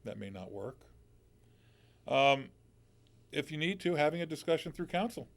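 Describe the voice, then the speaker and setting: A man's voice: a little high, lively intonation, normal speed, gravelly. A man hosting a call-in radio show, giving plain-spoken, conversational legal advice. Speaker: lawyer and radio host.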